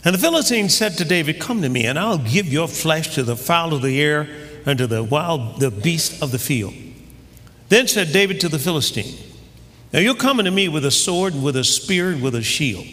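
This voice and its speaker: A man preaching a sermon with fervor, reading scripture and building up to shouted, rising climaxes. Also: fairly high pitch, sing-song, normal speed. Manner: fervent, building to shouting crescendos. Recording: long hall reverb.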